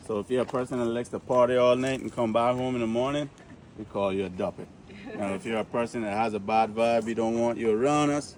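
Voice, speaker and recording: A man with a Caymanian accent guiding an outdoor cave tour, joking, lively and full of local slang. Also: medium pitch, fairly quick, far from the mic. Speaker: tour guide. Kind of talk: guided tour talk.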